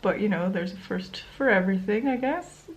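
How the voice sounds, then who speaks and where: A woman's voice: medium pitch, moderate pace. A young woman chatting casually while doing her makeup, telling a personal story in a rambling, candid way with small laughs. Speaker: beauty vlogger. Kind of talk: casual get-ready-with-me chat.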